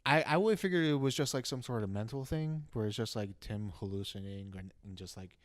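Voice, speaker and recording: A man's voice: medium pitch, lively intonation, a little fast, dry recording, clean studio sound. A young man co-hosting a casual movie review podcast, hesitant and thinking aloud with frequent restarts. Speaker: podcast co-host.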